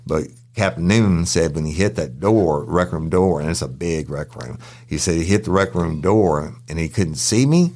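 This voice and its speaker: A man, a podcast co-host and former prison guard, telling profane, animated stories in casual chat. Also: low-pitched, normal speed, hardly any pauses. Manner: profane, animated anecdotes with acted-out quotes. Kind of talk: casual storytelling.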